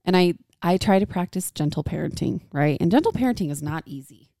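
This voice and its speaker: A woman's voice: on the low side, expressive, fairly quick, creaky, dark tone, dry recording, clean studio sound. A woman in her thirties, a podcast co-host, chatting candidly about parenting and laughing often. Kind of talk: casual chat.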